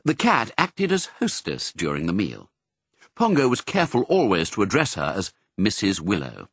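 A man narrating a children's novel in an expressive, measured storytelling voice. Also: fairly low pitch, slightly rough, dry recording. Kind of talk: audiobook narration.

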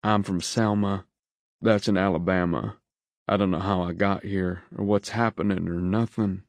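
A man's voice: fairly even intonation, moderate pace, no echo. Audiobook: worked-up teen boy, played by the male narrator, strained and raised, dry studio sound. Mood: tired. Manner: shrill, tearful shouting. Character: overweight sixteen-year-old boy, furious and sobbing.

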